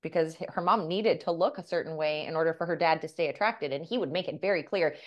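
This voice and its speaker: A woman's voice: deep voice, fast, few pauses. Earnest woman podcast host telling stories. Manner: earnest, storytelling, quotes others in dialogue. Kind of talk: reflective podcast conversation.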